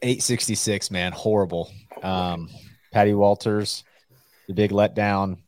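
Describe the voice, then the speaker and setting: A man's voice: fairly low pitch, steady tone, a little slow, darkish tone, a little hiss or hum. A man in a casual fishing chat, telling an easygoing story about getting pulled over. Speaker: show regular.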